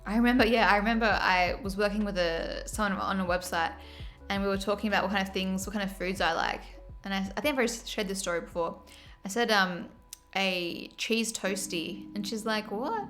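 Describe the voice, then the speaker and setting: A woman's voice: mid-range voice, steady tone, brisk, a bit bright, faint music behind. Chatty Australian woman streaming. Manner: chatty, laughing, reads chat aloud. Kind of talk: casual stream chat.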